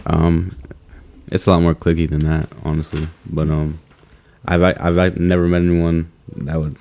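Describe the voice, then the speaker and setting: Very deep, flat-voiced man. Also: moderate pace. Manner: hesitant, low-key. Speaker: guest powerlifter. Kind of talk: casual podcast chat.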